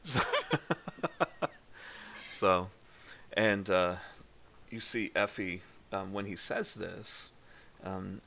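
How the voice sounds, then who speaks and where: A man's voice: on the low side, gravelly, bright, forceful tone. A man narrating as game master of a tabletop game in a joking, self-deprecating way.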